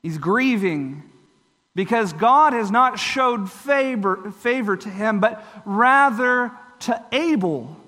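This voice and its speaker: A man delivers a sermon in a high, bright voice. He speaks slowly and earnestly, explaining each point step by step. The sound carries a long hall reverb. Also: expressive. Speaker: preacher.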